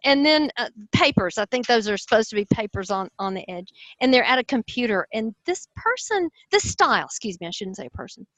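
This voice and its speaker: Casting: Southern US woman host, lively and expressive, a bit high-pitched, dry close sound. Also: brisk, few pauses, no room sound, rough recording. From Southern United States. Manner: enthusiastic, expressive. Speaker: host, personality-type teacher. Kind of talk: explanatory conversation.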